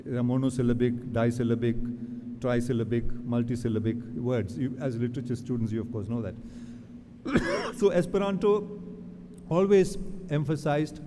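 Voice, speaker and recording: A man's voice: mid-range voice, normal speed, dark tone. Man lecturing in a reverberant hall. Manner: digressive, many fillers and restarts. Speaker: guest lecturer. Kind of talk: academic lecture. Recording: reverberant hall, audible background noise.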